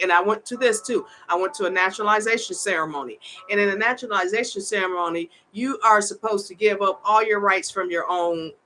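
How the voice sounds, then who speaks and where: A woman's voice: lowish voice, bright, forceful tone, low-quality recording. An older woman giving a heated, opinionated monologue, repeating herself for emphasis and laughing between points. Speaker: vlogger and advocate.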